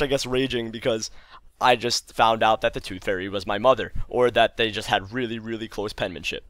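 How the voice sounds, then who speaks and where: A young man casually telling a funny childhood story for his video channel, voicing himself and his mother with big jumps in pitch. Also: fairly even intonation, normal speed, fairly bright tone, no room sound.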